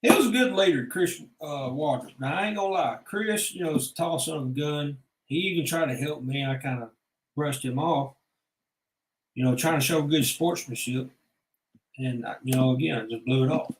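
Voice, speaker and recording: A vlogger with a fairly high male voice talks at a normal speed, sharing stories from his own life in a blunt, rambling way full of profanity. It's casual personal storytelling, recorded in an echoey room.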